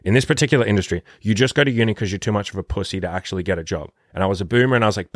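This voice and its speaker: Fast-talking, profane male dating coach. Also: lowish voice, no echo, clean studio sound. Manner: profane, emphatic, rapid-fire. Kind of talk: casual podcast monologue.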